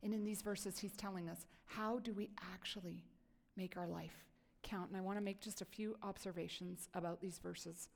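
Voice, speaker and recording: A middle-aged woman pastor giving a chatty, animated sermon and reading scripture aloud. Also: medium pitch, normal speed, creaky, hardly any pauses, long reverb tail. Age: 40s.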